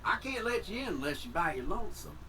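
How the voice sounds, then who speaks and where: A man's voice: sits high, very animated, fast talker. A man voicing a folksy male cowboy robot doorman with a friendly drawl. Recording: game audio under noisy gameplay.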